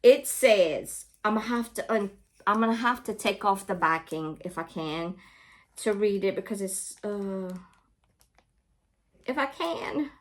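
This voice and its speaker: Woman host, slow easy delivery, chatty and gushing, casual vlog. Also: medium pitch, animated. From Louisiana, US. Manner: chatty, gushing, talks straight to viewers with lots of "y'all". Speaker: craft and book channel host.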